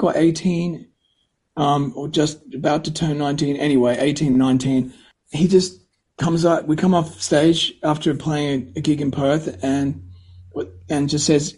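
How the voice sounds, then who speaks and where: A middle-aged American singer-songwriter rambles through anecdotes in a casual interview, often correcting himself and acting out quoted dialogue. His voice is fairly high, unhurried, darkish, and husky. The audio quality is poor.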